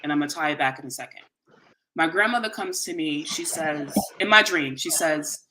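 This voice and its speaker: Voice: medium pitch, a little fast. A host telling a long personal story in an earnest, conversational way, acting out the lines of the people in it. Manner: animated, earnest, conversational, quotes others in dialogue.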